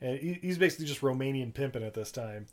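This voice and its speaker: A man's voice: mid-range voice, animated, quick pace. A man co-hosting a podcast, recapping a movie in loose, rambling chat and swearing freely. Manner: rambling, laughing, profane. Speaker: podcast co-host.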